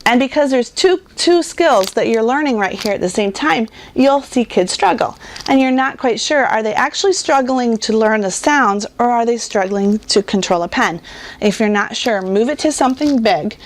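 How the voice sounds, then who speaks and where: A woman who runs a reading curriculum, giving parents a patient, explanatory talk on teaching phonics and spelling and sounding words out slowly. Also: on the high side, lively intonation. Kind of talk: instructional talk to homeschool parents.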